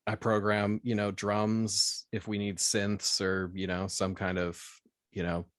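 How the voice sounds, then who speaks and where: A man's voice: fairly low pitch, monotone, unhurried, no echo, clean studio sound. A man chatting as a podcast guest in an easygoing way, often filling with "you know", from his home setup. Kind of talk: casual chat. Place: home studio.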